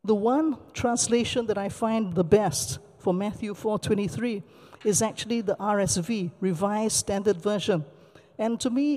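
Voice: mid-range voice, mellow. A pastor preaching a sermon, telling a story and repeating key words for emphasis, with a long hall reverb.

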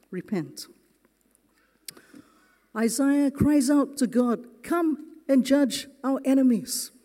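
A man preaching a sermon as pastor, slow and earnest, leaning hard on key words in a church. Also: extremely high pitch, mellow. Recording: long reverb of a large hall.

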